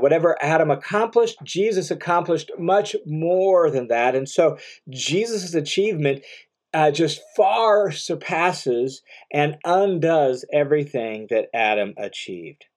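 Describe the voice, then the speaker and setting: A man giving a verse-by-verse Bible commentary, reading verses aloud and explaining them in a conversational teaching manner. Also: fairly high pitch. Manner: occasional fillers and restarts, conversational teaching.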